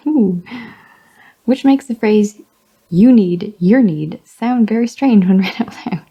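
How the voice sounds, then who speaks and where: A woman with a husky, low-toned voice reads a magazine aloud slowly. She sounds out each word, tries it again, and corrects herself with quiet amusement. She reads as a hobby vlogger reading aloud with commentary. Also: lo-fi sound.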